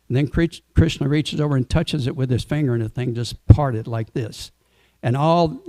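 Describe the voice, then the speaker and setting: Gravelly, mellow-voiced male storyteller. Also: mid-range voice, no room sound. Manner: relaxed storyteller, asks the audience questions. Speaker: speaker at a temple Sunday program. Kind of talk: storytelling sermon.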